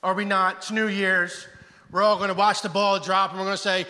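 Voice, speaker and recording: A man preaching a passionate guest sermon, swinging between loud exclamations and hushed, intense passages. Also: high voice, little pitch movement, a little fast, long reverb tail.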